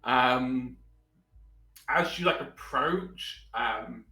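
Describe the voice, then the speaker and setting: A man narrating a tabletop role-playing game as game master, hesitant and full of pauses. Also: mid-range voice, pushed and bright, roomy sound, poor audio. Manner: hesitant, many ums, puts on quick voices for characters.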